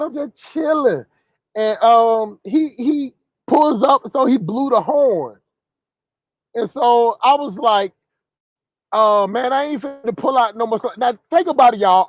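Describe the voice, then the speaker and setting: A man's voice: very high voice, dry recording, poor audio. Profane storytelling man, dry sound. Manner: animated, profane, addresses viewers as y'all. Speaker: truck driver. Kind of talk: storytelling vlog.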